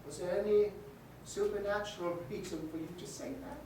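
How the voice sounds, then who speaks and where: A man's voice: high voice, expressive, dark tone. Male storyteller in an echoey hall. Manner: measured, old-fashioned storytelling diction. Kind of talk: live ghost story narration. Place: museum event space. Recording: echoey hall, mic far off, faint noise.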